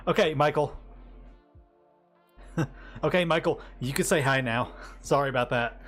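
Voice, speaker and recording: Casual American streamer with a lilt, rambling and friendly, faint music underneath. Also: male voice, mid-range voice. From United States. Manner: chatty, rambling, greets viewers, laughs often. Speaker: livestreamer. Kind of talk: casual live-stream chat.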